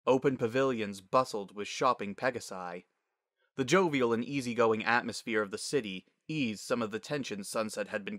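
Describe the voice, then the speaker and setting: Low, bright-toned male storyteller. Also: no echo, studio quality. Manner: expressive, measured storytelling. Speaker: narrator. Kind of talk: dramatic audiobook reading.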